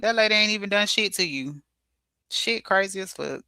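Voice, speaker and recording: A woman hosting a casual livestream, reading chat comments aloud and answering them bluntly, cursing often and laughing loudly at her own jokes. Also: medium pitch, normal speed, gravelly, no room sound.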